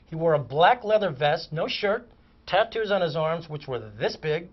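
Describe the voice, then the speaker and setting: A man, a comic actor, telling lively anecdotes as a guest on a chat show. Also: fairly high pitch, moderate pace. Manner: animated raconteur, vivid descriptive detail. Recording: muffled lo-fi audio.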